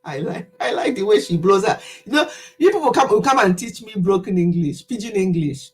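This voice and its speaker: A woman's voice: mid-range voice, expressive, fairly quick, a little mellow, breathy edge, low-quality recording. A middle-aged Nigerian woman hosting a casual livestream, chatty and teasing, often laughing as she greets viewers. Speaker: livestream host.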